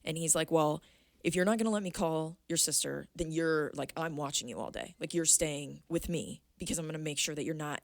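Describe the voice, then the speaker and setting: A woman in her twenties, a podcast guest, telling a personal story in a casual, animated way, acting out what people said and swearing freely. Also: low-pitched, no echo, studio quality. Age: 20s. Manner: animated, acts out quoted voices, swears freely.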